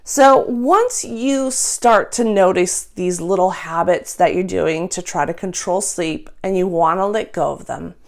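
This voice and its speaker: A young adult woman and nurse, calmly teaching a gentle sleep routine in a soft voice, speaking close to a microphone. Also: on the low side, unhurried, few pauses. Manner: calm, soft-spoken, drops to a whisper in breathing exercise.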